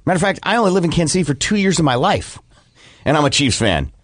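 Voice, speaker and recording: A man's voice: fairly high pitch, sing-song, fast, fairly bright tone, no echo, clean studio sound. A man hosting a morning radio show in casual chat, upbeat and taking listener calls. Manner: upbeat, laughs easily, takes calls.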